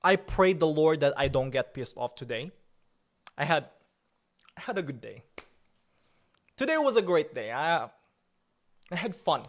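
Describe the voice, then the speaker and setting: Male livestream host, slightly high voice, chatty, reads out chat, gets annoyed then cools down. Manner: irritable, then forces himself calm and joking.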